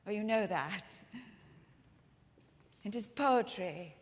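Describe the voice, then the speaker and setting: A woman's voice: mid-range voice, animated, slow. A woman storyteller playing the ghost of a 19th-century woman author, speaking theatrically to a live audience with lingering emphasis. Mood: wistful. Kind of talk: one-woman historical storytelling performance. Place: church sanctuary with live audience. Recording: long reverb of a large church hall.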